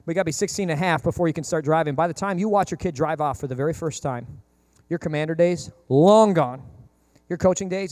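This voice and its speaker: A man preaching a sermon as pastor, animated and jokey, acting out characters in comic voices. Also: fairly high pitch, fast talker, no echo.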